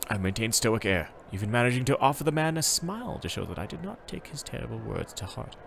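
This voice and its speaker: A man streaming a travel game, reading its text aloud and chatting casually, in an animated, self-correcting way. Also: mid-range voice, fast talker, gravelly, slight background noise.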